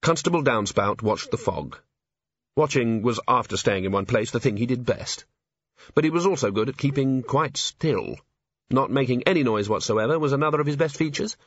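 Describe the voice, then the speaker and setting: Brief: male audiobook narrator, husky, dry close sound, slightly dull recording. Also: medium pitch, expressive, moderate pace, no echo. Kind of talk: scripted narration.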